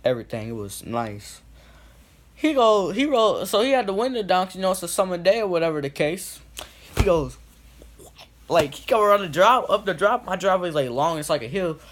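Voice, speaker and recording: A young man telling a casual story, rambling with lots of "like" and "boom", getting loud and then quiet as he acts out scenes. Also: very animated, fairly quick. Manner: swings from loud to quiet when acting out scenes.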